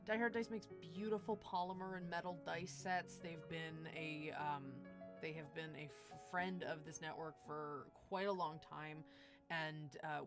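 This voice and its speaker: A woman hosting a tabletop game stream, chatting casually through sponsor reads with lots of fillers and restarts. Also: lowish voice. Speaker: dungeon master and show host.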